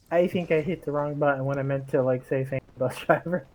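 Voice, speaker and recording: A man's voice: on the high side, fairly even intonation, normal speed, darkish tone, low-quality recording. A man chatting casually while gaming with friends, easygoing and a little sheepish. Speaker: stream co-player.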